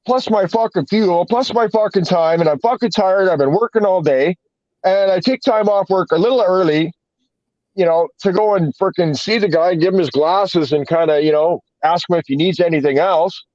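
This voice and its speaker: Profane, rambling man, higher-pitched. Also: moderate pace, a little mellow, no room sound. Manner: profane, rambling storyteller, heavy swearing and fillers. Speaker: podcast co-host telling a story. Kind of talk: casual chat. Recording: dull, dry lo-fi podcast audio.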